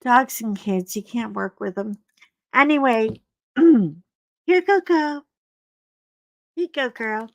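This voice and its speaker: A woman's voice: fairly high pitch, takes it slowly, long pauses, no room sound. Chatty woman rambling on a livestream. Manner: rambling, chatty, talks to her dogs mid-stream. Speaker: livestream host. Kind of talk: casual livestream chat while coloring. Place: at home. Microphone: desk mic.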